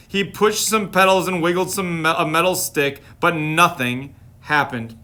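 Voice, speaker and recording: High-voiced man reading a storybook. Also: pushed and bright. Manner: playful, chatty asides to viewers. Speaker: storytime reader. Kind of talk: reading a picture book aloud on a live stream.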